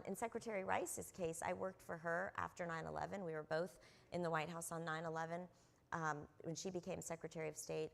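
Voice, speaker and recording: Gravelly low-voiced woman telling stories. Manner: earnest anecdotal storyteller with frequent fillers. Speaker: panelist. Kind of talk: conference panel storytelling. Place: convention stage.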